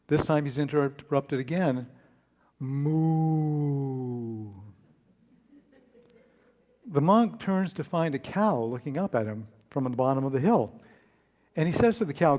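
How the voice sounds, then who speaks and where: A man preaching a relaxed, conversational sermon, telling a story and speaking with fillers and restarts. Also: fairly high pitch. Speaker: speaker and author.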